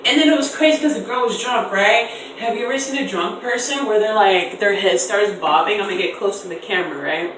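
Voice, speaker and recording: A young woman in her twenties telling a storytime on camera in an animated, slangy way, acting out voices in quotes. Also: mid-range voice, a little fast, few pauses, a little hiss or hum. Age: 20s. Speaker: vlogger. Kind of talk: casual storytime. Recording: echoey room, distant mic.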